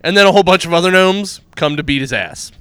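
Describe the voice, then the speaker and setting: A man's voice: high-pitched, lively intonation, quick pace, a bit bright, smooth, no room sound. A man co-hosting a casual comic book chat, rambling through plot retellings and laughing at his own jokes. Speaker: podcast co-host reviewing comics.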